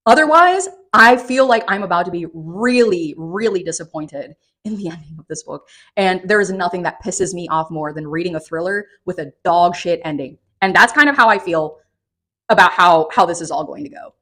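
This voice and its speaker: A woman giving a casual, profane and sarcastic spoken book review, recapping the plot with animated energy. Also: lowish voice, normal speed.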